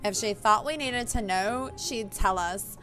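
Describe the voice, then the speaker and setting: A woman's voice: medium pitch, unhurried, fairly bright tone, faint music behind, lightly acted. A woman voicing a bossy, haughty young stepsister with a put-on posh accent, reading a visual novel aloud. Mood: cold. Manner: cold, imperious, dismissive.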